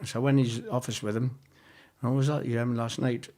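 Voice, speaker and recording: A man's voice: medium pitch, level tone, quick pace, warm tone. A middle-aged man with a Geordie accent, telling rambling anecdotes as an interview guest, swearing freely and acting out the back-and-forth of old conversations. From North East England. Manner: rambling, heavy swearing, acts out quoted exchanges.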